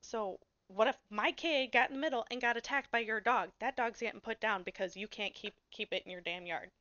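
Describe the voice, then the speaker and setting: A woman co-hosting a podcast tells a story in casual chat, blunt and swearing freely, an animated storyteller. Her voice is a little high and a little fast. The recording has no echo, and the highs are cut off.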